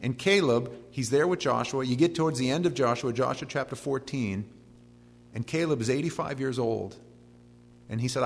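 A man's voice: mid-range voice, normal speed, gravelly. A middle-aged male pastor works through a scripture passage with folksy, joking asides. His mid-range voice rings with a long hall reverb. A faint hum runs beneath. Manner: folksy, joking asides while reading names. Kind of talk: expository sermon.

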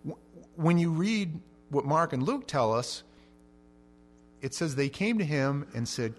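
A middle-aged male pastor preaches in a lively, storytelling way. His voice jumps between loud, raised passages and soft, low asides, and he repeats words as he gets going. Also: unhurried, pauses often. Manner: animated storytelling with big swings in pitch and loudness; repeats words when starting sentences. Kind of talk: sermon.

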